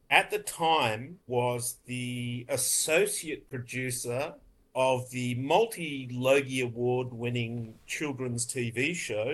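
A man's voice: mid-range voice, fairly bright tone. A man, a film editor telling rambling, laughing stories in an interview and swearing freely. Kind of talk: casual interview storytelling.

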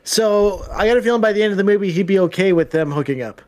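A man's voice: high-pitched, quick pace, a little mellow. A man co-hosting a casual movie commentary chat with dry wisecracks. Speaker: podcast co-host.

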